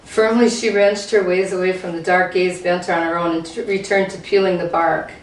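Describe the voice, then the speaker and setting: A woman reading a novel passage aloud to a group in a steady, unhurried way. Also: lowish voice, a little hiss or hum. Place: lecture room. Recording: roomy hall, voice from far off.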